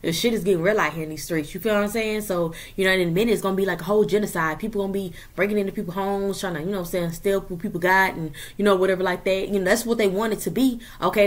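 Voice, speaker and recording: A woman reading tarot cards for an online audience in loose, casual talk. She curses freely and punches her points with quick checks like "okay?" and a firm "period." Her voice sits at an ordinary middle pitch for a woman. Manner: animated, profane, emphatic with frequent "okay?" and "period". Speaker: tarot reader.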